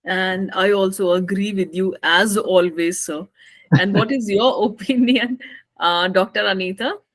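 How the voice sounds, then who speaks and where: A woman's voice: medium pitch, measured pace, no echo. Female podcast host, polite and deferential, dry close recording. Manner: polite, deferential, addresses guest as sir. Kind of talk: conversational hosting.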